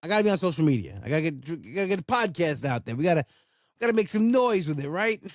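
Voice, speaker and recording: A man's voice: on the high side, big pitch swings, fast talker, no echo, clean studio sound. A man hosting a solo podcast, ranting in a blunt, casual way and swearing freely. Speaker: podcast host.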